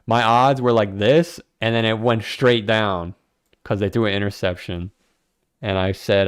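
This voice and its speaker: Smooth-voiced man rambling on a livestream. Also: fairly low pitch, normal speed. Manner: rambling, animated, self-mocking, swears freely. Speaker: crypto livestream host. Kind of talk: casual livestream commentary.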